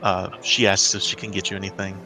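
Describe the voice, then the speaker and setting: A man narrating as dungeon master, relaxed and full of fillers. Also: low voice, fast, faint music behind. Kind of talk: narrating a tabletop game.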